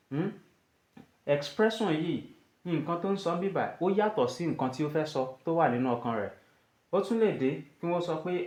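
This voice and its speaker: A man's voice: on the high side, expressive, a little fast, darkish tone, echoey room. A man, a Yoruba speaker, teaching an English grammar lesson and asking his listeners rhetorical questions.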